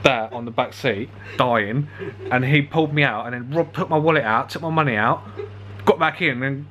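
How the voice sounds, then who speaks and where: A man's voice: mid-range voice, moderate pace, pushed and bright, a little hiss or hum. A young man telling a rambling story casually, laughing often and swearing freely. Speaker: vlogger.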